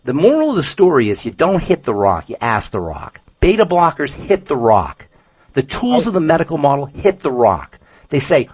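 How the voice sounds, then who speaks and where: Homme à la voix voilée, très expressive. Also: male voice, fairly high pitch, normal speed, slightly rough, no room sound, lo-fi sound. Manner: animated, emphatic, repeats himself. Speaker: health podcast co-host, nutrition expert. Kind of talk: casual explanatory podcast talk.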